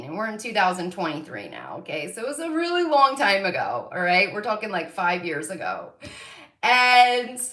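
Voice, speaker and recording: A woman's voice: medium pitch, bright, forceful tone, echoey room. A woman hosting her own psychic channel, rambling through a personal story with lots of fillers and the odd swear word, getting emotional and near tears. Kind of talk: casual spiritual monologue to viewers.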